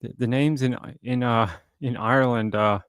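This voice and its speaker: Male live-stream host, mid-pitched, dry close sound, loose joking banter. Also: fairly even intonation, normal speed, clear, resonant tone, dry recording. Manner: joking, rambling, chats with viewers. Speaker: true crime livestream host. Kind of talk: casual live-stream chat.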